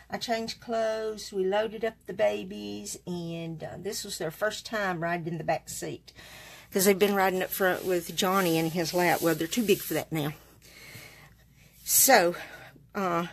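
A woman's voice: on the low side, slightly rough. Folksy woman chatting through a craft demo. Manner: chatty, folksy, rambling asides. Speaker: card-making demonstrator.

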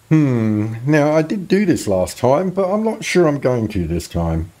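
A man chats through his video game in a casual, playful way, cracking jokes as he goes. His voice is mellow and relaxed, with an unhurried pace and a lively pitch. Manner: joking, playful. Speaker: game commentator. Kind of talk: casual gameplay commentary.

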